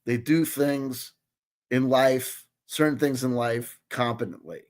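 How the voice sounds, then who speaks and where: This late-forties host rambles profanely through a casual reaction piece, repeatedly asking his listener "you know what I mean." His medium-pitched voice is fairly even in intonation, darkish in tone, and slow-paced.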